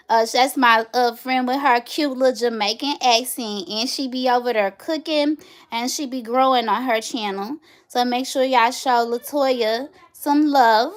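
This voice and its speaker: A woman in her thirties talks to her viewers on a casual livestream in a fairly high voice. She tells stories with animated, chatty energy, as if catching up with friends. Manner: chatty, animated storytelling, addresses viewers directly. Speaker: livestream host.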